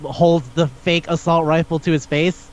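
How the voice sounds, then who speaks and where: Guy on a podcast rambling about manga, slightly high voice, acts out all the lines, kinda muffled lo-fi audio. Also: normal speed. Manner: animated storytelling, acts out characters' lines. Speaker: podcast host. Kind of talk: casual chat.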